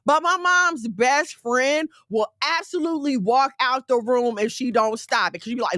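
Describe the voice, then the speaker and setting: A woman giving a conversational sermon in a direct, animated way, mixing scripture with everyday slang. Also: high-pitched, moderate pace, hardly any pauses, no echo, studio quality. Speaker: faith teacher.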